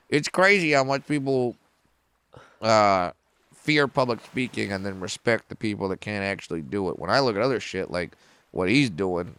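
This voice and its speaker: A middle-aged man spins stand-up stories in a casual podcast chat, his voice smooth and resonant. He swears freely and leaps higher in pitch when he hits a punchline. The sound is close and dry. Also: moderate pace, no room sound. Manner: animated, profane, jumps way up in pitch for punchlines. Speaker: comedian guest.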